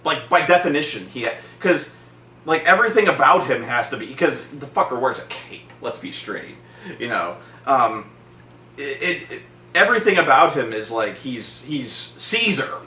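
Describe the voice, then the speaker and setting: A man chatting casually about a movie, rambling and swearing, bursting into loud acted-out quotes. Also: medium pitch, very animated, moderate pace. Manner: rambling, profane, acts out quotes in loud voices. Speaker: vlog host reviewing a movie. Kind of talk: casual chat. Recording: roomy echo, from a distance, faint noise.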